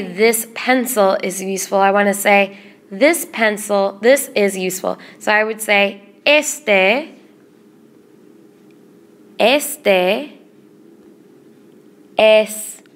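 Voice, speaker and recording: A woman teaches a Spanish grammar lesson. She explains patiently and repeats each word list slowly. Her voice sits at an ordinary middle pitch. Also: fairly bright tone.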